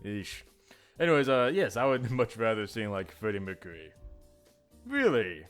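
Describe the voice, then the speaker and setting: Male host, casual self-mocking rambler with a lively, swinging voice, over soft background music. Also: on the low side, normal speed. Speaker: YouTuber host. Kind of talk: casual solo chat to viewers.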